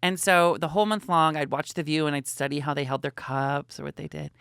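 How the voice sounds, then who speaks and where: A man recounts a funny story as a podcast guest, animated and theatrical. His voice is bright and forward. The sound is close and dry. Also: a little high, brisk, creaky, smooth, no echo. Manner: animated, theatrical, acts out quotes. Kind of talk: comedic storytelling.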